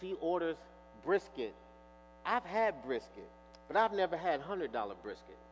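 Male pastor, high lively voice, storytelling sermon in a reverberant hall with a faint hum. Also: normal speed. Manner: animated storyteller, acts out dialogue.

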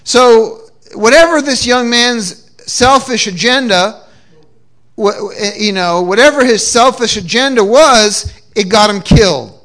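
A man's voice: extremely high pitch, slow pace, fairly bright tone. A man preaching a sermon with call-and-response cues and frequent repeated restarts, from New England. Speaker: pastor. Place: church.

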